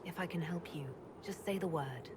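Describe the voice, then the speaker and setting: A woman's voice: lowish voice, normal speed, noisy background, close to an everyday voice. A woman voicing a courteous young woman hero. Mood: polite. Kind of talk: video game dialogue.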